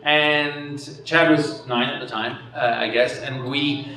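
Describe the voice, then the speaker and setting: Speaking slowly with fairly even intonation, this fifties-aged keynote speaker has a mid-range voice that sounds pushed and bright. He rambles through his after-dinner talk, chuckling often at his own expense. Captured from far off in an echoey indoor dinner hall, the clip carries a little hiss or hum.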